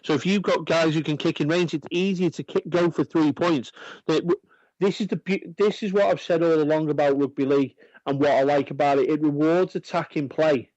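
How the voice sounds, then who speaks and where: A man's voice: a little high, fairly even intonation, fairly quick, darkish tone, dry recording, muffled recording. A man co-hosting a sports radio show, earnestly arguing his point with many stammering restarts. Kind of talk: casual sports chat. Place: radio studio.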